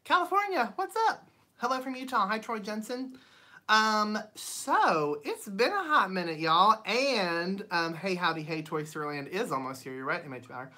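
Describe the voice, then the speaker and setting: A woman's voice: medium pitch, lively intonation, moderate pace. A woman hosting a livestream from her home studio, greeting viewers by name in a chatty way with lots of ums. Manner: chatty, reads viewer comments aloud; frequent ums and bright laughs. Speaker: channel host. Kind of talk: casual livestream chat.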